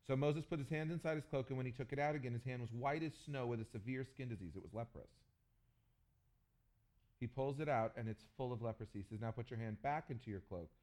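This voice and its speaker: A man preaching a sermon, telling stories with humor and jumping to loud, animated bursts. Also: mid-range voice, fast talker. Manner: animated storytelling with jokes and sudden loud bursts. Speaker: pastor.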